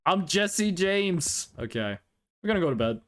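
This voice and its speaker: A male streamer chats loosely through a long drive in a game, cracking silly jokes between hummed tunes. His voice runs high and swoops animatedly, with an easygoing, drawn-out pace and a faint hiss behind it. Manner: playful, rambling, sings snatches of songs. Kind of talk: casual live-stream gameplay chat.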